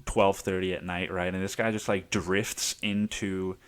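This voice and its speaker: A man's voice: deep voice, flat delivery, a little slow, fairly bright tone. A man hosting a podcast, telling a rambling story in a casual chat style, laughing often and swearing freely. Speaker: podcast host.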